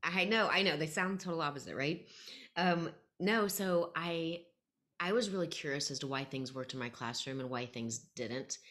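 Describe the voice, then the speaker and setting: Middle-aged teacher lady, super low voice, chatty and lively in an interview. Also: moderate pace. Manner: animated storytelling, acts out quoted voices. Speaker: guest, educator. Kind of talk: podcast interview conversation.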